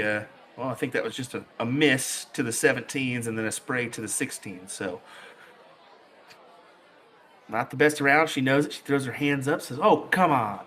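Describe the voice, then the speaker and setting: A man's voice: mid-range voice, moderate pace, pauses often, a faint crowd, a little hiss or hum. A man calls a darts match in a loose, talkative way. He keeps it casual and jokes with his co-hosts. His voice sits in the middle range for a man. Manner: relaxed, chatty, laughs easily. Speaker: darts commentator. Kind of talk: live sports commentary.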